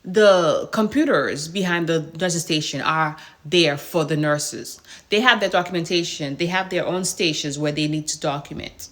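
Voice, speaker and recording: A woman nurse tells her followers a workplace story in a casual vlog. Her voice sits a little low, and she talks with animated exasperation, firing off rhetorical questions. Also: moderate pace, hardly any pauses. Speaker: hospice nurse and vlogger.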